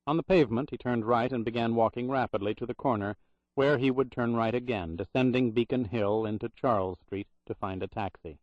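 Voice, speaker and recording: A man reading a thriller audiobook in steady, scripted narration. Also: mid-range voice, a little fast, no room sound. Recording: dry, slightly muffled recording.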